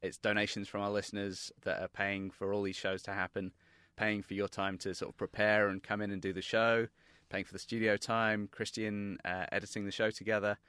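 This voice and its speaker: An earnest British man in a producer's role, explaining things with halting restarts. His voice sits low but has a bright, clear edge. The sound is close and dry. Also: little pitch movement, no room sound. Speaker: podcast producer. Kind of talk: explaining a fundraising drive.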